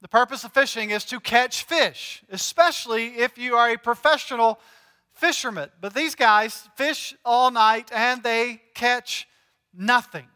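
A man's voice: very high-pitched, a little slow, pushed and bright, clear, resonant tone. A male pastor preaching a sermon in a conversational, joking way, asking his congregation questions. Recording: long hall reverb.

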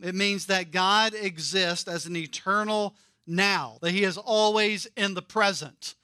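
A man preaching a sermon, emphatic and repeating key phrases, sometimes dropping very soft for emphasis. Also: high voice, measured pace, no room sound, studio quality. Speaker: pastor.

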